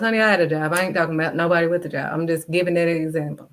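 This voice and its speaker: A woman's voice: lowish voice, fairly even intonation, racing. A woman vlogger giving a blunt, scolding faith talk straight to camera. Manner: blunt, direct, scolding, refuses to sugarcoat. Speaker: vlogger and kids' modeling teacher.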